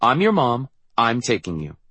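A man voicing a brisk, impatient mother running for office, firm with her children. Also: mid-range voice, huge pitch swings, sharp tone, breathy edge, no room sound, pitched above the performer's own voice, exaggerated voice.

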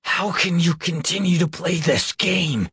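A man's voice: medium pitch, slow pace, a little mellow, husky, no room sound, clean studio sound. A man voicing a wounded teenage boy who snaps bitter, angry accusations, reading an audiobook. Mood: furious.

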